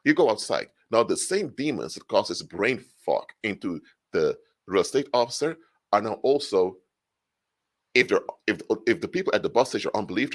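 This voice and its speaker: A man giving an animated solo monologue, explaining through hypothetical examples, often restarting and correcting himself mid-sentence. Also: fairly low pitch. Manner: frequent restarts and self-corrections. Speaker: spiritual commentator.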